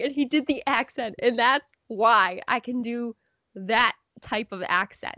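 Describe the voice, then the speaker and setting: Podcast co-host lady, higher voice, giggly storyteller, does everyone's lines. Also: a little slow, no echo. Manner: animated storytelling, acts out other people's lines; laughs often. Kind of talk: casual chat.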